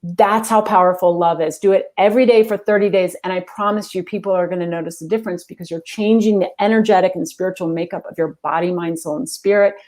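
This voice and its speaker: A woman guest, an executive coach, giving earnest, fast-moving answers about love and spirituality in an interview. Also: on the low side, steady tone, darkish tone.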